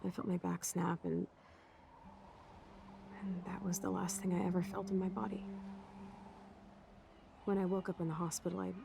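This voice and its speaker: Blunt wry young woman in a game, kinda gravelly, lots of hiss behind. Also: on the low side, little pitch movement, normal speed, long pauses. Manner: frank and sardonic. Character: blunt, wry young woman, teenage girl's best friend. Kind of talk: video game dialogue.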